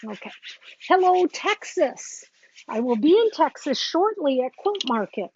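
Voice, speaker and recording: Woman teaching fabric printing live, chatty, kinda high voice, dull lo-fi sound with a little hiss. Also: very animated, moderate pace. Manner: chatty, talks while working, greets viewers. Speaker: quilting teacher. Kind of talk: live craft demonstration. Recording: dull lo-fi sound with faint noise.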